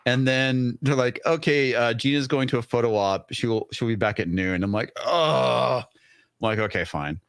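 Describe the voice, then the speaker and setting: A man appearing as a guest in a casual chat, telling relaxed anecdotes with many fillers. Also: mid-range voice, normal speed, gravelly, clear, resonant tone, dry recording, clean studio sound.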